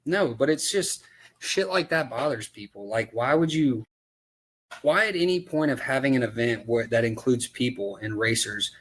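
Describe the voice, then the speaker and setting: A race car driver on a podcast, ranting about racetracks in casual, profane talk full of rhetorical questions. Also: male voice, medium pitch, lively intonation, normal speed, fairly bright tone, slightly rough. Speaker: dirt late model race driver.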